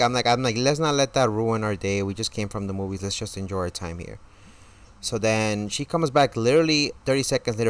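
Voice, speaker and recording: A man telling a story casually on a live stream, swearing often and stammering through restarts, his voice jumping high and loud when he reenacts his outrage. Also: fast, clear, resonant tone. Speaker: gaming streamer.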